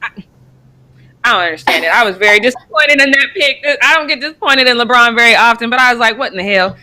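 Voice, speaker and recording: A young woman from Colorado hosts a casual sports chat show. Her voice is bright and a little high, and she talks in an animated, laughing way. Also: fast. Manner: animated, laughs easily, stumbles over names. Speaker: co-host.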